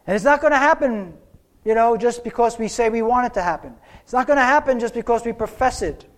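A man preaching a sermon, telling a story with slow, dramatic pauses. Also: extremely high pitch, lively intonation.

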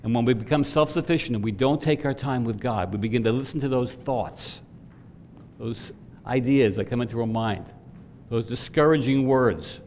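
A man's voice: mid-range voice, normal speed, darkish tone, slight background noise. A middle-aged man preaching a sermon as pastor, earnest, rising in emphasis when he puts questions to the congregation. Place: church sanctuary. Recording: long reverb from a church hall.

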